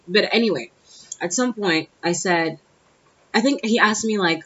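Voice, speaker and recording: A woman's voice: mid-range voice, unhurried, long pauses, fairly bright tone, lo-fi sound. A young woman telling a personal story to camera in a blunt, exasperated, profane way. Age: young adult. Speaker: vlogger. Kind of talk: casual storytime monologue.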